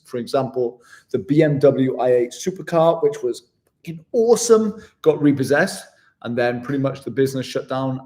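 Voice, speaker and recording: In a casual live vlog Q&A, a West Yorkshire man answers what viewers ask, poking fun at himself and calling people "mate." He talks at medium pitch with a slightly mellow sound.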